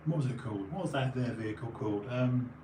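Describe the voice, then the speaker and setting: A fast-talking man of medium pitch chats loosely on a stream, sniffly and tired, jumping between digressions and restarts. The recording has room echo and faint background noise.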